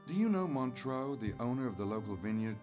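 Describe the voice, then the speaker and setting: A man's voice: medium pitch, sing-song, fairly quick, darkish tone, soft background music, lightly acted. Man playing a drawling, wry investigator. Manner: drawling, sardonic, easygoing. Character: wry, dogged male private investigator. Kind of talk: video game voice acting.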